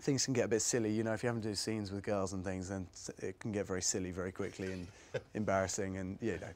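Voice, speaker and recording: Here the young actor from England sits low in pitch, keeping his intonation fairly even while he talks fast with a darkish tone. As a guest in a classroom with an audience, he replies to pupils in a loose, rambling way, often laughing at his own expense.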